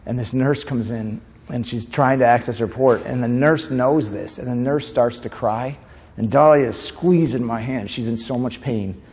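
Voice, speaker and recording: A man's voice: medium pitch, moderate pace. Man telling stories in a reverberant hall. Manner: emotive storyteller, mixing tender moments with animated comic bits. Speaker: comedian and motivational speaker. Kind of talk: keynote speech at a conference. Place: conference hall.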